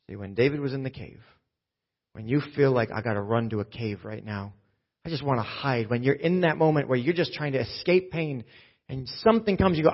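A man, a pastor, preaching a sermon, dropping to a hush and then rising loud and urgent. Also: mid-range voice, husky, muffled recording. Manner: swings from hushed to loud and urgent.

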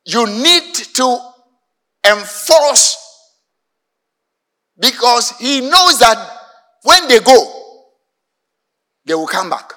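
A male pastor with a Ghanaian English accent delivers a sermon in a high, bright voice that leaps up and down in pitch. He speaks slowly and emphatically, often pausing to prompt the congregation to call back the missing word. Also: very animated. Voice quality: emphatic, asks the congregation to fill in words.

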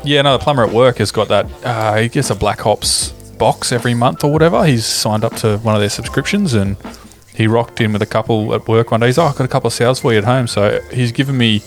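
A man's voice: medium pitch, brisk, soft background music. A man, a podcast co-host talking in a laid-back, dry way in casual chat with mates.

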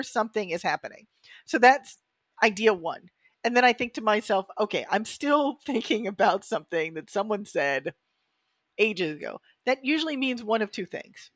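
A woman in her fifties, co-hosting a podcast in a casual, animated way and acting out her own thoughts. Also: fairly high pitch, dry recording, studio quality. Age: 50s. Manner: animated, acts out quoted thoughts. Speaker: podcast co-host.

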